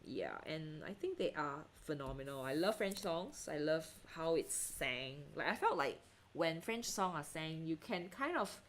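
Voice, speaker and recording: A woman's voice: sits low, expressive, unhurried, a little hiss or hum. A woman from Singapore, probably in her thirties, chatting casually with livestream viewers as she paints, laughing often and trailing off into fillers. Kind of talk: casual chat while painting, reading viewer comments.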